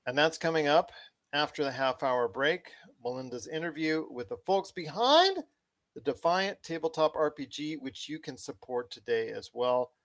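A man co-hosting a casual pop-culture podcast, talking with animated, enthusiastic swings in his voice. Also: fairly high pitch, moderate pace. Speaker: podcast co-host.

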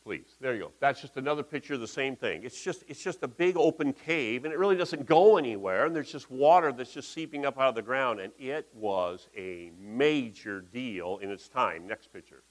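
A man's voice: medium pitch, expressive, moderate pace, few pauses, low-quality recording. A man giving a conversational, folksy sermon in a church, talking through slides with asides. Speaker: pastor.

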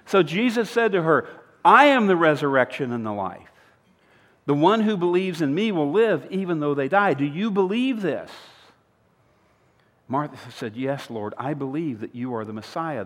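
A pastor preaching a sermon, retelling a story with humor, swinging between loud emphatic lines and quiet earnest appeals. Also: male voice, on the high side. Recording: long hall reverb.

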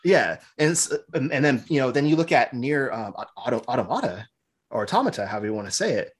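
A man's voice: mid-range voice, fast talker. A man co-hosting a podcast in casual chat, rambling through opinionated game critique. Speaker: podcast co-host.

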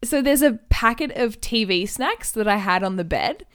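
A young woman, co-hosting a podcast and telling a story in a chatty, animated way, often breaking into giggles. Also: on the high side, moderate pace, clear, resonant tone. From Australia. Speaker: podcast co-host. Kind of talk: casual chat storytelling.

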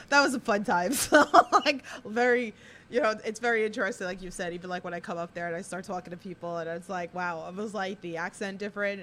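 A woman's voice: medium pitch, fairly bright tone, slight background noise. A woman podcast host with a thick Queens, New York accent, chatty and laughing often. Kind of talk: casual interview.

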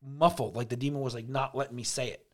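A man's voice: mid-range voice, fairly even intonation, fast talker. A man co-hosting a podcast, telling a dream story in casual, profane chat. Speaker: podcast co-host.

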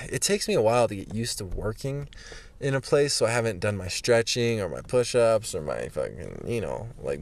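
A young man talking to the camera in a candid vlog monologue, rambling and blunt, swearing freely and sometimes dropping to a whisper, recorded indoors in a room. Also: fairly low pitch. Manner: rambling, blunt, profane, drifting into hushed whispers. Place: indoors, a room where he is staying.

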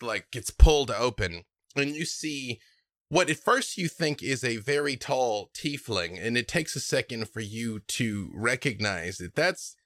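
An expressive male game master narrates a tabletop game at an unhurried pace. His voice is bright, and his pitch moves up and down a lot. He sits on the lower side of the male range. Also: no room sound.

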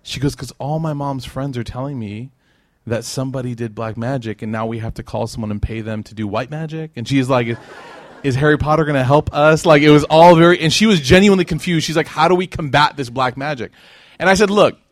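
A medium-pitched man speaks fairly quickly, recorded dry. Lecturing on religion before a live audience, he stays conversational and jokey, acting out the figures in his tales with vivid quoted voices.

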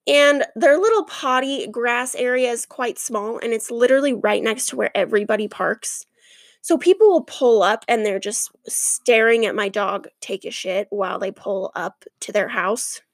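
High-voiced chatty woman podcaster. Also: moderate pace, dry recording. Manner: chatty, ranting, animated asides. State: out of breath. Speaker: podcast host. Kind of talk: casual chat.

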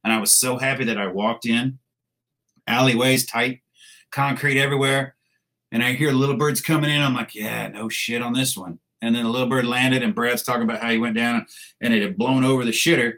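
A man's voice: mid-range voice, fairly quick, low-quality recording. A man who is a military veteran, telling crude war stories in casual talk, laughing as he goes. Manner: crude, laughing, animated storyteller. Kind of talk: casual storytelling.

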